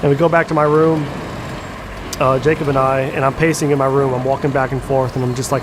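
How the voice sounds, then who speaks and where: Halting young man over engine noise. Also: medium pitch, little pitch movement. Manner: halting, repeats words, frequent fillers and swearing. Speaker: storyteller sharing a personal account. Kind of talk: candid personal storytelling. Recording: clear background engine noise.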